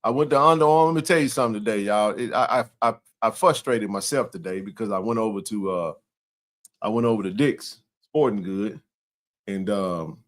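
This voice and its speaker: A man co-hosting a casual sports chat, laughing often and telling animated stories. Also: on the low side. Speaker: co-host.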